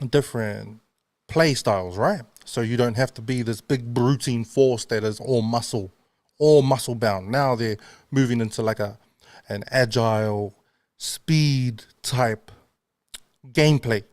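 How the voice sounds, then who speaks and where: A man's voice: mid-range voice, darkish tone, dry recording. Male radio host, casual chat, self-mocking, laughs a lot, dry studio sound. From not London.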